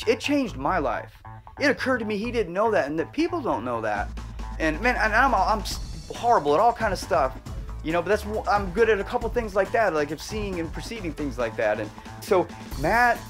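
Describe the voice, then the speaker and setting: Earnest rambling man, slightly high voice. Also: a bit bright. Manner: rambling, earnest, with many restarts and fillers; emotional, choking up. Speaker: motorcycle travel vlogger. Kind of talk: heartfelt personal storytelling.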